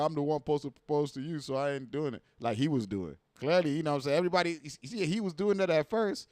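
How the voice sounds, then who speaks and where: A man's voice: medium pitch, a little mellow, no room sound. A man hosting a livestream, reacting to viral clips in casual, slangy, profane talk full of rhetorical questions.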